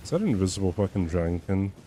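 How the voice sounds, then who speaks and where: A man's voice: deep voice, big pitch swings, rapid-fire, dark tone, slight background noise. A man streaming a game live, chatting casually with viewers in a laid-back, joking way and swearing now and then.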